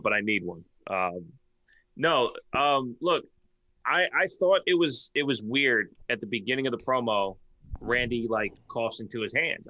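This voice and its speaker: A man's voice: medium pitch, bright, forceful tone. A man co-hosting a casual wrestling podcast, laid-back and rambling, swearing casually. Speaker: podcast co-host.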